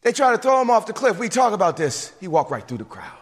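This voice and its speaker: A man preaching a sermon in an emphatic, animated way, with frequent asides and restarts. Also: high-pitched, fast talker, in a large hall. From suburbs.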